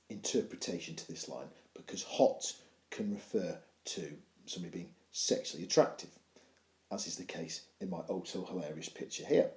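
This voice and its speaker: A man's voice: lowish voice, dark tone, reverberant. A male teacher giving a video lesson on poetry analysis, explaining with playful, self-mocking humour.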